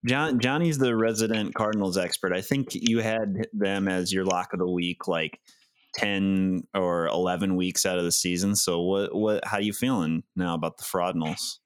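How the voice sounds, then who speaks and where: Deep smooth guy chatting sports, rambly, dry close sound. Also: moderate pace, no echo. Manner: relaxed, rambling with fillers. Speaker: sports podcast co-host. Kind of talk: casual sports chat.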